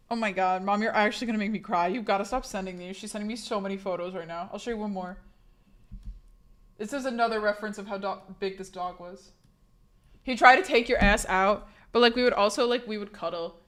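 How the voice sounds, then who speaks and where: A young woman talks casually to her stream chat from a home desk mic. She rambles in loose, chatty runs, restarts her sentences and swears freely, at an everyday mid pitch. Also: a bit bright. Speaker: livestreamer.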